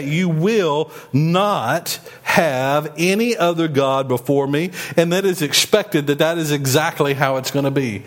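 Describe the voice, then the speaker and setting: Male pastor, slightly high-pitched, folksy emphatic sermon delivery. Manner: folksy, emphatic preaching with rising and falling delivery.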